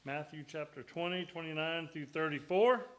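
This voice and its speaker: A man's voice: on the high side, moderate pace. A middle-aged man, a guest preacher giving a sermon full of joking, folksy stories in a church. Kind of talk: sermon with storytelling. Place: church sanctuary.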